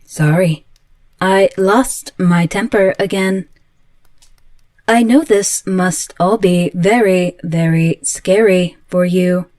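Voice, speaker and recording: A woman voicing an obsessive, volatile female android in an audio roleplay, speaking slowly and earnestly in a pleading way. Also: lowish voice, darkish tone, no echo, studio quality. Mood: anxious.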